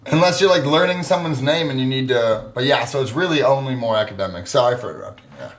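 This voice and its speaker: A man's voice: medium pitch, lively intonation, fast, roomy sound. A man co-hosting a podcast who gives earnest, encouraging advice in casual chat. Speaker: podcast co-host.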